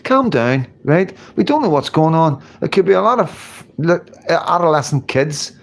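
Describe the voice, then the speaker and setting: A man's voice: fairly high pitch, lively intonation, normal speed, vocal fry. A middle-aged man with a Northern Irish accent, hosting a casual livestream chat, rambling, swearing and asking "you know what I mean". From Northern Ireland. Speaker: livestream host.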